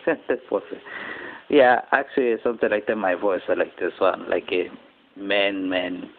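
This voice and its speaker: A man from Japan, rambling through a personal story in halting English with many restarts. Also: low-pitched, fairly even intonation, gravelly. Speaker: channel host. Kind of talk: casual personal monologue. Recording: tinny phone-quality audio with faint noise.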